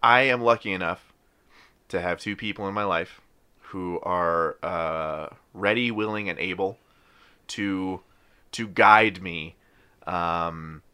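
A man's voice: deep voice, slow, bright, forceful tone, clean tone. A man hosting a casual podcast, talking in a wry, rambling way with offhand swearing. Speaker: podcast host.

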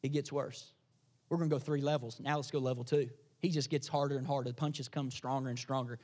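A man preaching a sermon as pastor, energetic and dramatic, swinging between loud emphasis and hushed asides. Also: medium pitch, a little fast.

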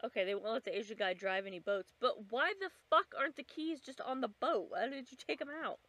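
A woman's voice: on the high side, brisk, a bit bright, no echo. A woman co-hosting a podcast, chatting casually while they watch a movie, sardonic and swearing freely. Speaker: podcast co-host.

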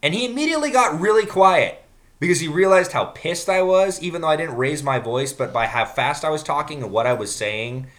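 A man telling a rambling, profane work story in casual podcast chat. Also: a little high. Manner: animated, profane, fast-building rant.

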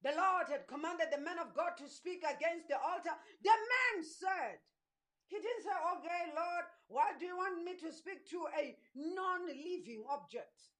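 A woman preaching an impassioned sermon, urging her listeners with repeated calls and rising shouts, her voice going hoarse. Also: extremely high pitch, moderate pace, few pauses.

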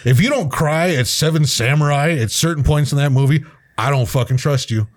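A man's voice: fairly high pitch, fairly quick. A man ranting in casual, profane chat, heated and swearing constantly as a podcast co-host.

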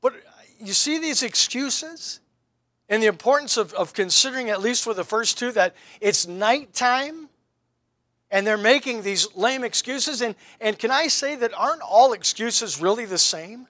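A man's voice: extremely high pitch, expressive, unhurried, bright, forceful tone, dry recording. A male pastor preaching a sermon, asking wry rhetorical questions and pressing his points with emphasis.

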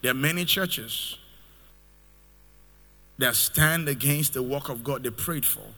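A man's voice: medium pitch, slow, sharp tone, big-room sound. A man preaching a sermon as pastor, lifting into sung cadences as he builds his points.

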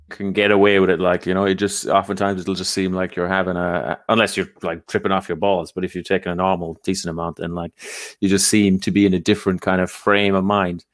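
An Irish comedian telling profane, laughing party stories in a casual chat. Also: male voice, low-pitched, steady tone, fairly quick, dry recording. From Ireland. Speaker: comedian podcast host.

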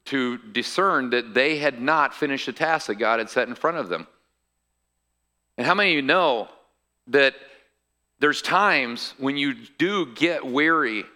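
A man's voice: medium pitch, bright, forceful tone. A male pastor preaching a sermon in a conversational way, explaining scripture with asides to the congregation.

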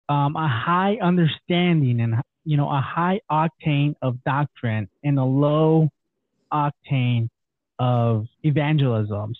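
A man hosting an interview talks casually, thinking out loud with plenty of fillers. His voice sits a little high. The sound is thin and phone-like, with a dry, close feel. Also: no room sound. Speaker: interview host. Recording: dry tinny phone-like line.

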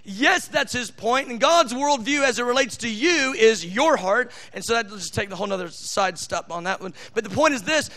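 A man preaching a sermon, teaching from scripture with fervent emphasis, rushing asides and slowing down to stress key phrases. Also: extremely high pitch, lively intonation, sharp tone.

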